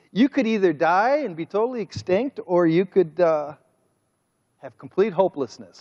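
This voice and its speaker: A man preaching a sermon as pastor, speaking with drawn-out emphasis and a mocking, sarcastic edge. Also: high-pitched, lively intonation, a little mellow. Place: church sanctuary. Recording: muffled sermon audio with long church reverb.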